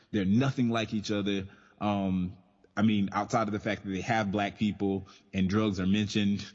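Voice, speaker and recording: A man co-hosting a podcast in casual chat, laughing easily and talking with enthusiasm. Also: lowish voice. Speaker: podcast co-host. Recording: dull lo-fi sound with long reverb.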